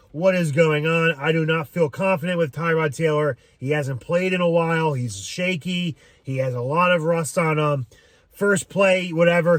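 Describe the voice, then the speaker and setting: A man's voice: a little high, no echo. Dry-sounding rambling fan guy. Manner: rambling, frequent "um", swears freely. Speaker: sports fan commentator. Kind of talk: casual fan reaction vlog.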